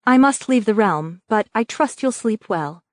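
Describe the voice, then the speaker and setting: A woman voicing a calm, commanding young woman who speaks reassuringly to her villagers. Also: on the high side, measured pace, no room sound, studio quality. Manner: steady, reassuring, authoritative.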